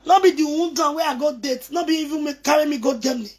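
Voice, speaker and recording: A woman with a Nigerian accent, rambling excitedly in a casual video message, mixing pidgin and English. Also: high-pitched, fast. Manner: mixes pidgin, English and local languages, excited and teasing.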